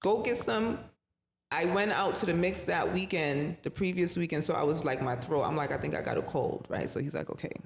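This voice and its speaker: A woman's voice: deep voice, a little fast, gravelly, hardly any pauses. A woman guest on a podcast telling a personal story in a casual, slangy and profane way, acting out the voices of the people in it. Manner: animated, acts out quoted voices, slangy and profane. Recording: reverberant room with faint noise.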